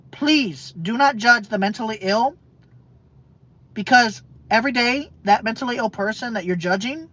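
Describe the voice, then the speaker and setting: A woman vlogger rants emotionally to her camera in a fairly high, slightly bright voice. She's emphatic and repetitive, swearing and stumbling over fillers, and the sound is dull, lo-fi and dry.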